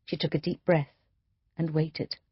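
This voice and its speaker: A woman's voice: deep voice, level tone, unhurried, slightly rough, no room sound, dull audio. A woman narrating an audiobook, reading the dialogue with light shifts for each character. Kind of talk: scripted narration.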